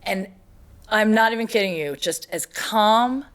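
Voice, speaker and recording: A woman's voice: medium pitch, a little slow, clean tone. A woman hosting a podcast, telling a story in casual chat and acting out the people she quotes. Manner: animated storytelling, acts out quotes. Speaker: podcast host.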